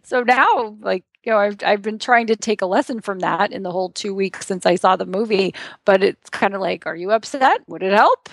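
A middle-aged woman author talking as a podcast guest, animated and laughing often as she acts out quotes. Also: medium pitch, moderate pace, vocal fry, few pauses, dry recording, clean studio sound. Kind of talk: casual podcast interview. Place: lives in Texas.

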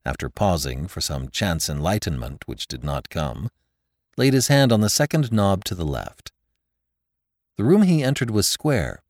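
A man narrating a classic story in a measured, expressive way. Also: lowish voice, no echo, studio quality. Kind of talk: audiobook narration.

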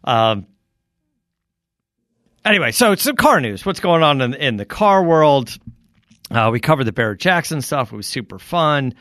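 A man co-hosting a casual podcast, telling stories in a loose, animated way, swearing and laughing often. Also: medium pitch, unhurried, pauses often, dry recording, clean studio sound. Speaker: podcast co-host. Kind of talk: casual chat.

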